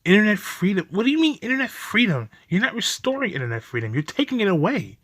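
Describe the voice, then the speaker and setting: A young man rants furiously at a video, swearing and letting out bitter laughs. His voice is bright and sits fairly high, and his pitch jumps around a lot. The sound is close and dry. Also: sing-song, fast talker, no room sound. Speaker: video reaction host. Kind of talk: angry reaction commentary.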